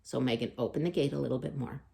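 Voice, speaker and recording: A woman hosting children's storytime, reading a picture book aloud with expressive loud calls and hushed asides. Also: rumbling low, fast talker, vocal fry, a little hiss or hum.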